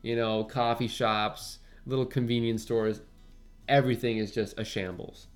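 A man recaps a film on a podcast with lively energy. He slips into quoted lines and laughs often as he goes. His pitch sits in the middle, with faint music under the talk. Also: normal speed. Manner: animated retelling, laughs often, acts out quotes. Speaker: podcast co-host. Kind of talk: casual movie recap chat.

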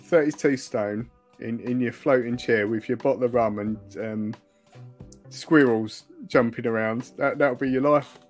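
Brief: Essex man, relaxed podcast co-host, jokey, mid-pitched voice, faint music underneath. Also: measured pace. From Essex, England. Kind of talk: casual chat.

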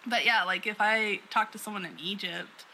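Bright-voiced chatty woman. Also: medium pitch, moderate pace, a little hiss or hum, rough recording. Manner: chatty, rambling, with frequent "like" and laughs. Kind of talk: casual chat.

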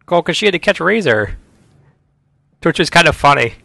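Gravelly, enthusiastic podcast co-host man. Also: on the high side, very animated, moderate pace, sharp tone, no echo. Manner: enthusiastic fan, playful sound effects. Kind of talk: casual chat.

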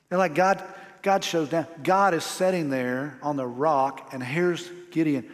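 A man's voice: fairly high pitch, a little slow. A man pastor preaching a sermon in a casual, emphatic way with slangy asides. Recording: long hall reverb.

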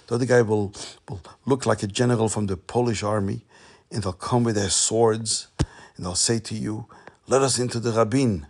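A man telling a Hasidic tale, animated and repeating phrases for suspense. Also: on the low side, moderate pace, a little hiss or hum. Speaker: storyteller.

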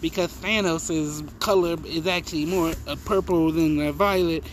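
A pedantic nerdy know-it-all man, put on by a male podcaster, his voice lifted noticeably higher than normal. He corrects trivial details in a fussy tone. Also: fairly even intonation, normal speed, a little hiss or hum, close to an everyday voice. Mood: nitpicking.

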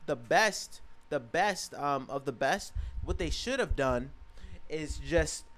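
A man's voice: fairly high pitch, expressive, slow, fairly bright tone. A young man hosting a podcast in casual, joking chat, swearing a lot. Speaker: podcast host.

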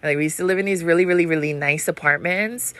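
A woman's voice: fairly low pitch, fast talker, a bit bright. A woman in her thirties with a Hawaiian Pidgin-tinged accent, telling a story in a rambling, profane way and laughing often as a podcast host. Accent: Hawaiian Pidgin-tinged English. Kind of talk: casual storytelling monologue.

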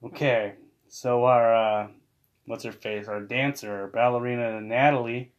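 A man co-hosting a casual chat that recaps a TV episode. He talks playfully and now and then acts out scenes in a high mock voice. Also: fairly even intonation, measured pace. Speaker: podcast co-host.

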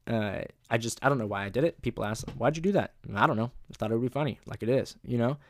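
Profane young man with a gravelly voice. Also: medium pitch, quick pace, no echo. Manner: profane, rambling, laughing at his own stories. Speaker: podcast host. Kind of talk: casual storytelling monologue.

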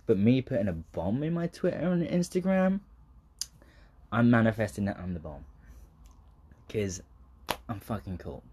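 A man's voice: on the low side, very animated, normal speed, long pauses, warm tone, breathy edge. A young man with a southern English accent talking casually in a rambling monologue, swearing freely, laughing often and drifting into tangents. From southern England.

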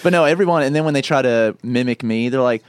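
A man with a Southern American accent, talking in a relaxed group interview. He keeps it animated and jokey, laughing often, and his pitch sits in an ordinary middle range. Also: fast, smooth, no echo. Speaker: band member.

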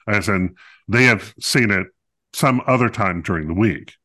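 A man with a lowish voice and a bright, forceful edge, chatting casually as a podcast co-host. He talks in a loose, playful way, full of ums and restarts. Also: unhurried. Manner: talkative, playful, many fillers and restarts. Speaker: podcast co-host reviewing a musical. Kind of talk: casual chat.

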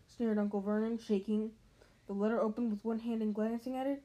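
A woman's voice: fairly high pitch, steady tone, brisk, mellow, low-quality recording. Woman casually reading a novel aloud. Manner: casual, with slips and restarts. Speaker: reader.

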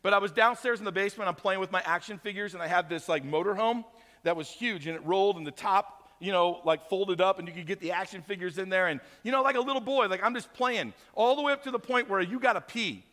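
A man's voice: high-pitched, fast. A man in his fifties, a pastor from America, telling stories in a sermon and acting out the voices of the people in them. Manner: animated storyteller acting out voices. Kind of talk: sermon storytelling. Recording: long hall reverb.

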